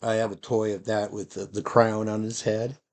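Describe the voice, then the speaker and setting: A man's voice: lowish voice, level tone, moderate pace, a little mellow. A man vlogging in a loose, rambling monologue, musing aloud and drifting between thoughts. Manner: meandering, playful, breaks into silly dog noises and voices.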